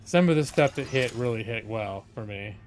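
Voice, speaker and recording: A man's voice: mid-range voice, expressive, normal speed. Chatty man rambling on a live stream. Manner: chatty, digressive storyteller with many fillers.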